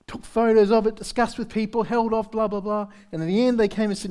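Male pastor with a high voice, preaching conversationally, blunt and self-deprecating, keeps asking the room "right?". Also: fairly even intonation, fairly quick, darkish tone, smooth. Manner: candid, self-deprecating humor. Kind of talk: sermon. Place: church service.

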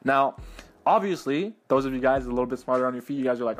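A man telling motivational stories in an energetic, casual way, often checking in with the listener. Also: mid-range voice, quick pace. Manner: energetic, keeps checking in with "right?" and "you know what I mean?". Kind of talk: motivational storytelling.

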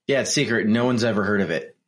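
A man's voice: lowish voice, quick pace. A man co-hosting a podcast, making dry, wry asides in casual chat. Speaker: podcast co-host.

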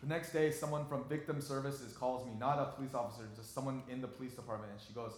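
Earnest pastor in a very echoey room. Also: male voice, medium pitch, steady tone, fast talker, few pauses, a little hiss or hum. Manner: earnest, conversational, emotionally charged retelling. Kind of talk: sermon storytelling.

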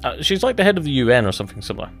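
A man's voice: medium pitch, sing-song, racing, a bit bright, soft background music. A man co-hosting a casual podcast chat about a TV series, rambling and self-deprecating, often restarting his sentences. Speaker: podcast co-host.

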